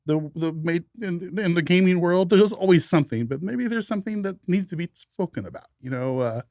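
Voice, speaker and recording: A man's voice: sits high, lively intonation, a little fast, darkish tone, no room sound, clean studio sound. A man co-hosting a gaming podcast, talking casually, joking and swearing freely. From United States. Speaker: podcast co-host. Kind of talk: casual chat.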